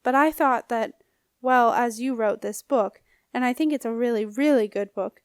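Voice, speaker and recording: A woman's voice: fairly high pitch, normal speed, smooth, no echo, studio quality, lightly acted. A woman reading an audiobook, voicing a nervous, resentful teenage boy who talks in a thin, faltering way. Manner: faltering, timid, then eager.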